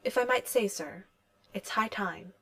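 A woman's voice: medium pitch, measured pace, vocal fry, fairly bright tone. A woman reading the lines of a polite, dry-witted male household AI butler in a fan fiction audiobook, formal and deferential.

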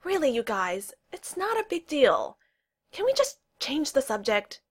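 A woman's voice: high-pitched, sing-song, unhurried, voice pushed up. A woman voicing a flustered, evasive young woman knight in a storybook reading. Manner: defensive, pleading.

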